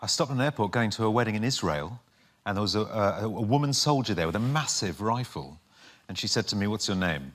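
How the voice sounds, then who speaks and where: A man, an actor guest, telling an animated anecdote on a comedy panel show. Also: fairly low pitch, fast talker.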